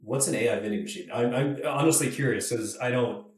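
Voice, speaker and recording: A man hosting a podcast in a relaxed way, asking short, encouraging questions. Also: mid-range voice, a little fast. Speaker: podcast host. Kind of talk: casual interview. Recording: roomy, echoey sound.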